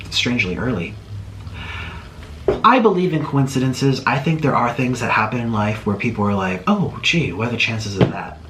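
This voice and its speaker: A man's voice: mid-range voice, fairly bright tone, a little hiss or hum, rough recording. A man vlogging to camera in an agitated, indignant rant, firing off rhetorical questions and mockingly imitating others. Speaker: YouTuber. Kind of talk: heated personal rant to camera.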